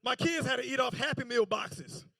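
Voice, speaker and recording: A man's voice: extremely high pitch, moderate pace, gravelly, bright, forceful tone, no room sound. A man doing a stand-up set on a comedy club stage, telling stories loosely with stammering restarts.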